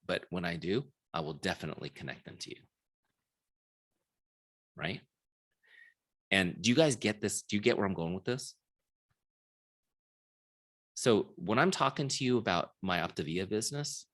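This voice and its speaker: Man, sales trainer, storytelling, acts out dialogue, video call, lowish voice. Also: a bit bright. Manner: storytelling, acts out quoted dialogue, checks in with the audience. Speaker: software founder giving a sales training. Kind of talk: live online training talk.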